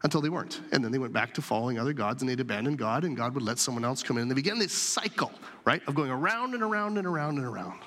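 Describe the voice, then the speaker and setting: A man's voice: medium pitch, animated, rapid-fire, a bit bright. Man preaching in a reverberant hall. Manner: conversational storytelling, acting out quoted voices. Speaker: pastor. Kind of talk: sermon.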